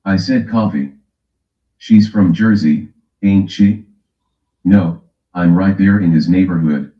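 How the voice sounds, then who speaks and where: Deep-voiced brash man on a stream. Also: measured pace, echoey room, muffled recording. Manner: brash, teasing, calls out chatters. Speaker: livestream host. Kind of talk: casual stream chat.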